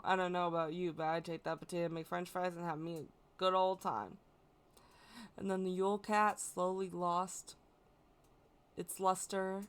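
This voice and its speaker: An American woman explaining folklore in a casual, chatty way, correcting herself as she goes and adding playful asides. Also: fairly low pitch. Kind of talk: casual educational talk.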